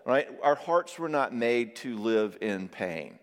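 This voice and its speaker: A man preaching in a big hall, his voice trailing off in a long reverb. He sits at a middling pitch and talks in an animated, conversational way, slipping into little acted voices for the people he quotes. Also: unhurried. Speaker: pastor and therapist. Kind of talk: sermon.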